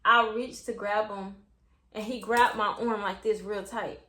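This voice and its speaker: A young woman telling an animated, profane storytime, acting out quotes. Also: medium pitch, a little slow, reverberant. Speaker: vlogger. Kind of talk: storytime vlog.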